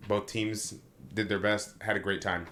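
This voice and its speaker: A man's voice: fairly low pitch, little pitch movement, normal speed, a bit bright, slight background noise. A man co-hosting a casual comedy podcast, joking around and prone to bursts of singing. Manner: jokey, fond of breaking into song. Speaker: podcast co-host.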